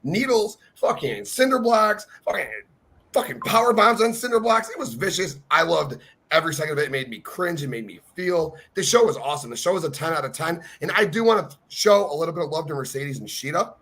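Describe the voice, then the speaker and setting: Husky, profane, fired-up man. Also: on the high side, animated, fairly quick, fairly bright tone. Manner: profane, passionate, gushing fan. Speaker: wrestling podcast co-host. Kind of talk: excited casual podcast chat.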